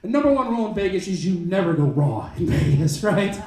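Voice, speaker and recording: A male stand-up comedian telling a story on a comedy club stage, with an animated, punchy delivery and quick asides. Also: high-pitched. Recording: roomy club sound, mic at a distance.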